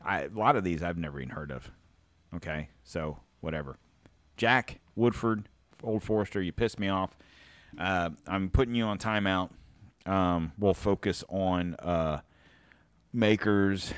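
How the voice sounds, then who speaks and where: A man hosting a podcast, ranting casually and profanely, swinging between loud outbursts and low mutters. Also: no echo. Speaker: podcast host.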